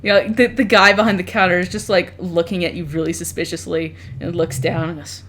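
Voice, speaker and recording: A woman's voice: lowish voice, level tone, brisk, a bit bright, a little hiss or hum. A woman narrating as dungeon master, describing what the characters do. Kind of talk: narrating a tabletop game.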